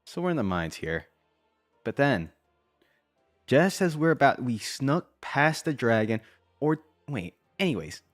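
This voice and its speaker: A man's voice: medium pitch, very animated, a little slow, pauses often, no echo, studio quality, soft background music. A man casually recapping a video game, rambling and breaking into his own asides. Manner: rambling, self-interrupting asides.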